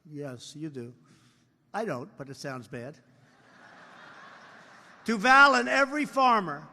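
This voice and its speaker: This man in his seventies has a slightly high, sing-song voice that's pushed and bright, and he speaks slowly. The live recording from a large convention hall carries reverb as he rambles politically, repeating lines and boasting along the way.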